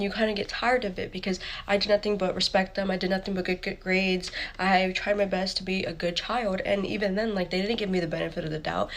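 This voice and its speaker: A young adult woman with a mid-range, gravelly voice tells a personal story as a storytime creator. She's casual and candid, swearing freely and quoting people along the way.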